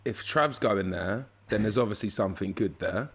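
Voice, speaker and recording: A man's voice: fairly low pitch, moderate pace, slightly rough. A young man with a South London accent, chatting as a podcast guest and acting out the people in his stories. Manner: animated storyteller, acts out dialogue. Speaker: radio presenter, guest. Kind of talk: casual podcast chat.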